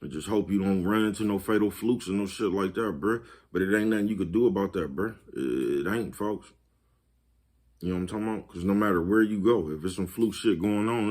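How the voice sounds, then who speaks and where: A man, talking casually to his viewers, laid-back and repetitive, laughing at his own jokes. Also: lowish voice. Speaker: vlogger. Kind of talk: casual monologue to camera.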